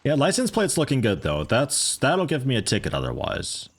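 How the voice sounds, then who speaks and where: A man's voice: mid-range voice, huge pitch swings, normal speed, slight background noise. A man streaming a game, chatting casually and joking with his viewers in a rambling way. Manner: rambling, joking asides to chat. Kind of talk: casual gameplay commentary.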